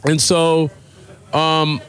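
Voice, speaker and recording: A man's voice: a little high, very slow, clear, resonant tone. A man in his thirties with a mixed American and South African accent, chatting casually as a podcast guest and telling stories in a loose, rambling way. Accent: mid-Atlantic mix of American and South African. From born in South Africa, raised in the US. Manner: relaxed, rambling storyteller with many fillers. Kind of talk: casual interview chat. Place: podcast studio.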